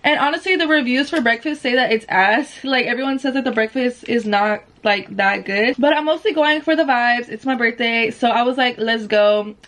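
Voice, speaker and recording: High-voiced young woman vlogging casually. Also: normal speed, few pauses. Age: 20s. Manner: chatty, lots of "like" fillers; talking softly so as not to wake someone. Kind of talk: casual vlog chat. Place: at home.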